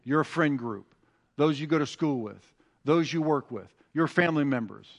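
A male pastor preaching a sermon, moving from quiet, conversational asides to rising, emphatic exhortation, with frequent restarts. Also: on the high side, animated, normal speed, lo-fi sound.

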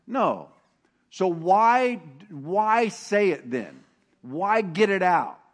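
A middle-aged man preaching a sermon with animated swings from loud emphasis to hushed, intimate tones. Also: high-pitched, drawn-out words. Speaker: pastor.

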